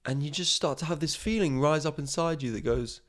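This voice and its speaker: A man's voice: fairly high pitch, brisk. A man, a comedian hosting his podcast in a casual, rambling monologue, swearing freely and mocking himself.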